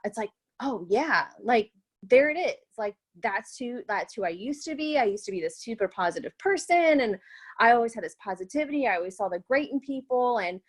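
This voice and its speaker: A woman's voice: on the high side, animated, a little fast. A young woman, a new health coach, telling her story in an earnest, rambling way with many fillers. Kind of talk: webinar testimonial.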